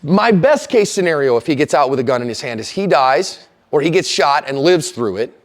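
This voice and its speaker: A man's voice: on the high side, a little fast. A middle-aged man teaches a self-defense class in a slightly raised voice. He tells stories with energy and acts out the people in them. His talk stays casual and direct throughout. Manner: animated storyteller, acting out quoted lines loudly.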